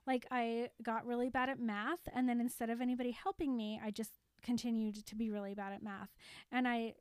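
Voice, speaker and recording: A woman in her thirties, an animated podcast co-host who laughs easily while casually recapping a show. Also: a little high, fairly quick, smooth, no room sound, studio quality. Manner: animated storyteller, laughs often.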